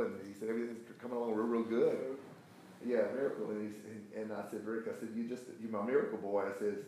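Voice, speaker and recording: A man's voice: fairly low pitch, steady tone, quick pace, dark tone. An older man leading a prayer group, telling a long story with many restarts and fillers. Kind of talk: testimony in a group meeting. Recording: echoey room with faint background noise.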